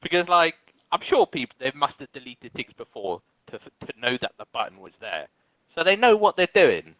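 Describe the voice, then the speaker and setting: A man's voice: on the high side, big pitch swings, moderate pace, fairly bright tone, dry recording, dull audio. A man co-hosting a podcast, venting in an exasperated way about his IT job, full of fillers. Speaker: podcast co-host, IT worker. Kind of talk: casual chat.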